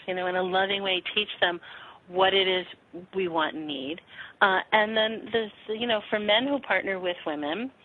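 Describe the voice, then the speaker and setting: Frank woman teacher on a tinny line. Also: on the low side. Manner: frank, animated, acts out quotes with laughs. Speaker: sexuality teacher, guest. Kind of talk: conversational interview answers. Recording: tinny phone-line sound.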